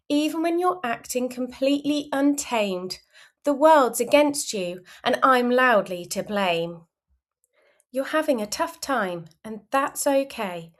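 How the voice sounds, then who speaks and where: A woman reading a rhyming children's story aloud in a gentle, expressive, sing-song way. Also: on the high side. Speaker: storybook reader. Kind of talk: children's read-aloud in rhyme.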